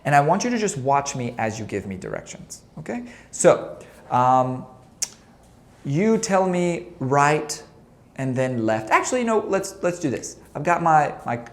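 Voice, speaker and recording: With a sing-song voice at a measured pace, a basketball coach gives a playful instructional talk to camera, quizzing viewers and joking about the answers. His voice leaps high when he acts out shouted examples.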